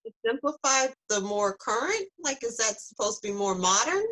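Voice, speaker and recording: A curious woman, a podcast guest, with a bright, slightly breathy voice that sits on the high side. Her pitch swings widely as she asks questions and giggles. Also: very animated, normal speed. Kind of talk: casual chat.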